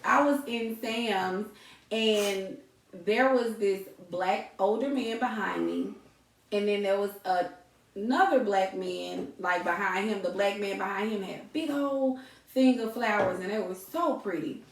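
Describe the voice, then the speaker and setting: A woman co-hosting a podcast, telling stories in a casual, animated way and calling her listeners y'all. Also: mid-range voice, unhurried. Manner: animated, laughs often, addresses listeners as y'all. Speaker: podcast co-host. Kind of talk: casual storytelling chat. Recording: echoey room, distant mic.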